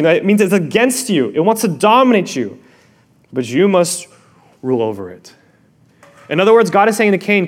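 A male pastor with a high voice preaches a sermon at a moderate pace, leaving long pauses. He's expressive, swinging from loud to hushed and back again, and puts questions directly to his listeners.

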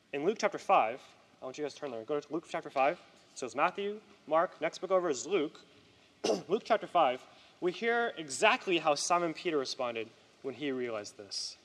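A man's voice: a little high, fairly bright tone, in a large hall. A man preaching a conversational sermon to a youth group, often checking in with "right?".

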